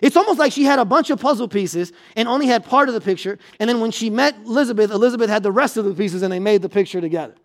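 High-voiced pastor preaching conversationally. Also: male voice, fast talker, hardly any pauses. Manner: conversational, checks in with listeners; repeats words when building a point. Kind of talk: sermon.

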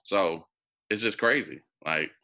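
A man telling a personal story as an interview guest, animated and acting out the voices of people he quotes. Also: low-pitched, slow pace, creaky.

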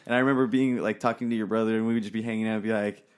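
A man's voice: on the low side, steady tone, rapid-fire, clean tone. A young man, a podcast co-host, telling stories in casual chat, rambling, swearing often and laughing as he goes.

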